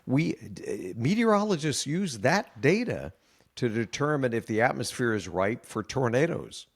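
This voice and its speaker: A middle-aged meteorologist in a conversational interview, explaining earnestly and sounding worried. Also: male voice, mid-range voice, big pitch swings, measured pace. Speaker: meteorologist guest.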